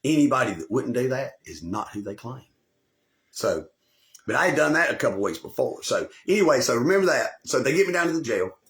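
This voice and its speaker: A man spins a long, rambling tale straight to camera, swearing in nearly every sentence and bragging as he goes. His voice sits at an ordinary middle pitch, and he repeats himself and restarts when he loses his place. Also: big pitch swings, fairly quick, fairly bright tone. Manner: swaggering, boastful, swears constantly, loses the thread and repeats himself. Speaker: channel host telling a personal story. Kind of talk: rambling profane storytelling to camera.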